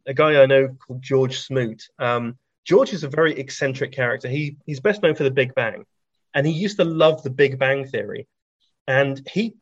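A man's voice: mid-range voice, dry recording. Chatty man telling anecdotes. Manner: chatty, with many ums and restarts, laughing at his own stories. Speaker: science author and guest. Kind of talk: anecdotal conversational storytelling. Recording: dry, slightly dull lo-fi recording.

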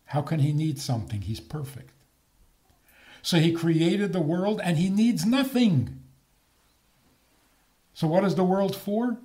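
Lively, unhurried man lecturing. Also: sits high. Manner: animated, rhetorical questions, chuckles at own points. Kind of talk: lecture with humor.

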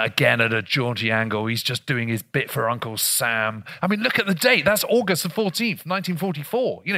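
A man's voice: medium pitch, bright, forceful tone. A man, a historian, giving a live public talk to an audience in a chatty, self-deprecating way, full of fillers and restarts. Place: live event venue before an audience.

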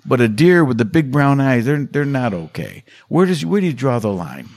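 A middle-aged man being interviewed, telling stories in a casual, animated way and acting out quotes with big jumps in voice. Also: medium pitch, moderate pace, no echo. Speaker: hunter and hunting instructor, interview guest.

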